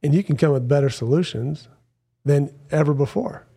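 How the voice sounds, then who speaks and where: Gravelly husky man podcast guest. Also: on the high side, moderate pace, warm tone. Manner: upbeat, jokey, quotes other people. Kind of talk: casual podcast chat. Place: podcast studio. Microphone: studio headphones and mic.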